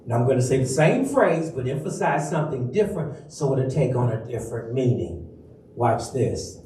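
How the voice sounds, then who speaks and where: A minister preaching a sermon in a church, teaching slowly and emphatically and calling on the congregation to repeat after him. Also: male voice, mid-range voice, sing-song, warm tone, slight background noise. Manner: slow, emphatic teaching with call-and-response. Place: church sanctuary. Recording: echoey church from far off.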